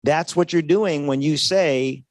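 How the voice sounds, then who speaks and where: A man with a slightly high voice gives a lively sales seminar, speaking casually and tossing "right?" to the crowd again and again. His voice is dry and close, with almost no room sound. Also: measured pace, no echo. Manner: conversational, keeps asking "right?", acts out dialogues. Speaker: seminar speaker at a trade show. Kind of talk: motivational sales talk to an audience.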